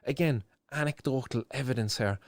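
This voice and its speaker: An Irish man hosts a live news show, his mid-range voice fairly quick as he delivers impassioned, emotional commentary. He swears freely and repeats himself to press his point, in a dry, studio-quality recording.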